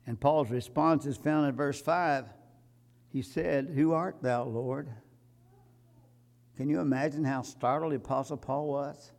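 A man preaching a sermon, emphatic, building to loud repeated climaxes. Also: medium pitch, fairly even intonation, normal speed, creaky.

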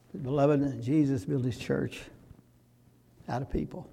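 A pastor, preaching a sermon that rises to loud, fervent exhortation. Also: male voice, mid-range voice, fairly even intonation, a little slow, creaky, pauses often, breathy edge.

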